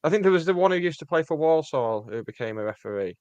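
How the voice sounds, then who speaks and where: A man's voice: on the high side, expressive, a little mellow, no room sound. Brief: man on a fan podcast, jokey and rambling, dry studio-close voice. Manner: jokey, rambling, quick asides. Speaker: podcast co-host. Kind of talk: casual chat. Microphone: podcast mic.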